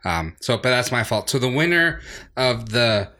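A man hosting a casual gaming podcast, relaxed and chatty with plenty of fillers. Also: mid-range voice, moderate pace. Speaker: podcast host.

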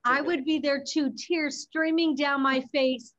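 A woman's voice: high-pitched, fairly even intonation, a little slow, fairly bright tone. Earnest woman, slightly lo-fi sound. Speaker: script supervisor. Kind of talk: casual panel chat.

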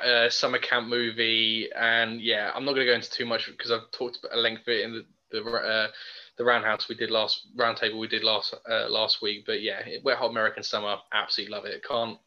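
A man's voice: fairly low pitch, steady tone, brisk, sharp tone. A young man co-hosting a podcast, chatting casually and enthusiastically about films with many fillers. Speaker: podcast co-host. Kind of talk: casual film chat. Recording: dull lo-fi podcast audio.

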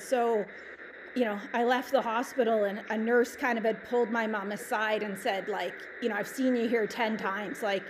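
A woman in her forties, a chiropractor, telling stories casually in an interview, full of "like" and "right?". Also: a little high. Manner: chatty, lots of "like" and "right?". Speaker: chiropractor guest. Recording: background noise.

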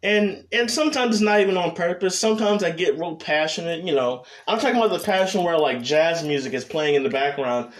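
A man's voice: fairly high pitch, a little fast, hardly any pauses. A young adult man hosting a solo podcast, rambling casually with heavy cursing and many restarts. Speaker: podcast host.

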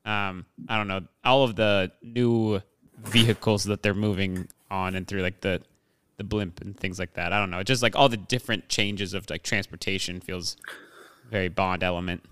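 Young dude rambling about a movie, smooth lowish voice, dry sound. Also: male voice, steady tone, moderate pace, fairly bright tone, dry recording. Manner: rambling, filler-heavy, laughs often. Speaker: podcast co-host. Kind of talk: casual movie discussion.

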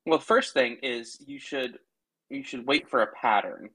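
Needling man with a husky voice. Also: medium pitch, normal speed, fairly bright tone. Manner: lecturing, needling, mock-patient. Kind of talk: casual argumentative banter. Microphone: remote call mic.

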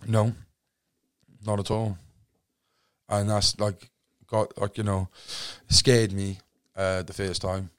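A man's voice: on the low side, flat delivery, slow pace, long pauses, smooth. A man with a South Wales accent, a podcast guest telling stories in casual chat, swearing freely and rambling with many restarts. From Cardiff, Wales.

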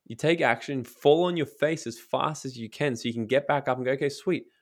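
A man's voice: medium pitch, a little fast. A man who works as a motivational speaker and coach, talking in a casual interview with energy and blunt, profane language, acting out inner voices. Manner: energetic, blunt, swears freely; acts out inner voices in quotes.

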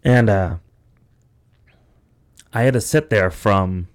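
A man's voice: lowish voice, slow. A young man hosting a podcast, telling a long story casually with lots of swearing and "like" fillers. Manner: rambling, profane, acts out quoted voices. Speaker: podcast host.

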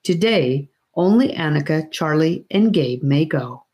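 Give me a woman playing a calm, reassuring wise man for an audiobook, low and unhurried. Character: gentle wise male guide, reassuring.

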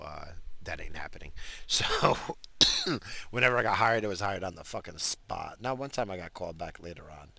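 A man's voice: low-pitched, sharp tone. A man hosting a podcast, rambling casually with crude, profane jokes. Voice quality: gravelly. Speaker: podcast host.

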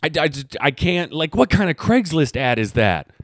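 Animated, sarcastic man ranting solo. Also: a little high, normal speed, dry recording. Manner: animated, sarcastic, rambling rants with swearing. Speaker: podcast host. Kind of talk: casual solo commentary.

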